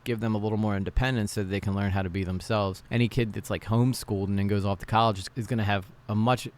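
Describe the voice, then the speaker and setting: Low-voiced man joking through a reaction video. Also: steady tone, fast talker. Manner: joking, sarcastic asides. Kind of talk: casual commentary over a video.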